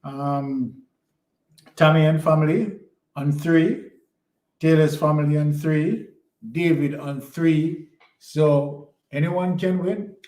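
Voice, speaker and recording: A man's voice: on the high side, steady tone, slow pace, a little mellow, roomy sound. A man co-hosting a live spelling game, casual and easygoing as he sums up the score. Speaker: co-host. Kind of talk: casual live-stream chat.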